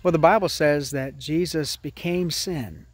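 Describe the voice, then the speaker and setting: Pastor guy preaching, kinda high voice, earnest, drags words out for emphasis. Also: dry recording. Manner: earnest, storytelling, slows down for emphasis. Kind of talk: sermon.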